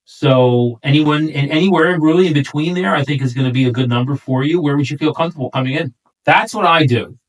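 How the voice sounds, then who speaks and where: A middle-aged man with a New York accent, coaching a newer agent in a relaxed chat and acting out client talk along the way. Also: fairly quick, far from the mic, poor audio. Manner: easygoing, acts out client lines in a higher voice. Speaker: real estate coach. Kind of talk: casual role-play coaching chat.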